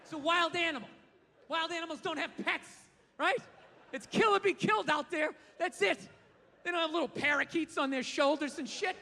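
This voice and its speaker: A male stand-up comedian performing on a club stage, ranting loudly and swearing often. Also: very high voice, moderate pace, gravelly, slight background noise. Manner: profane, ranting, loud. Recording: live venue with reverb and audience.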